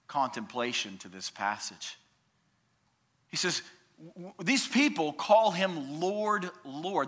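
A pastor with a slightly high voice preaches a sermon emphatically. He swings from loud declarations down to hushed, drawn-out words.

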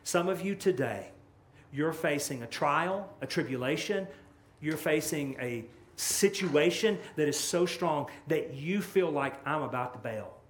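A man's voice: fairly high pitch, lively intonation, unhurried. Impassioned preaching man in echoey room. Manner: impassioned preaching, swinging from loud to hushed. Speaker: pastor. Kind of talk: sermon. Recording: echoey room with faint ambience.

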